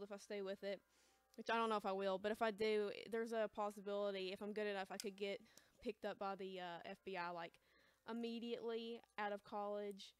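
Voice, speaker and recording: A woman's voice: mid-range voice, smooth, no room sound. Young American woman, shy rambling livestream seller, clean voice, dry close sound. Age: young adult. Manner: hesitant, rambling, says she is quiet and awkward. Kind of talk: casual livestream chat. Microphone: close mic, chewing gum.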